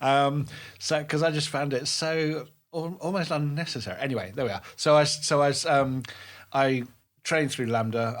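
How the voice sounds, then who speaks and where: A man in his fifties, a drama tutor, telling stories from his career in a chatty interview, emphatic and lively, with many restarts. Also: mid-range voice. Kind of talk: casual interview storytelling.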